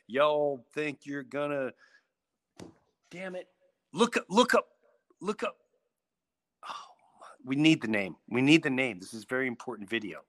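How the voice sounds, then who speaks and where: A man hosting a podcast in casual chat, excitable and rambling, laughing often. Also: mid-range voice, dry recording. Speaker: podcast host.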